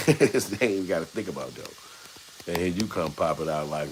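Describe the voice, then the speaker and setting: A man's voice: low-pitched, expressive, a little fast, slight background noise, low-quality recording. A man, hosting a casual live stream and telling stories in a loose way, acting out the people he quotes. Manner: loose, storytelling, acts out quoted voices. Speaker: show host.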